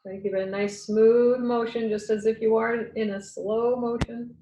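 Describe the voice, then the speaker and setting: A woman coaching a workout class, giving slow, encouraging cues on form. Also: fairly high pitch, level tone, dark tone, roomy sound, poor audio. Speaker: fitness coach.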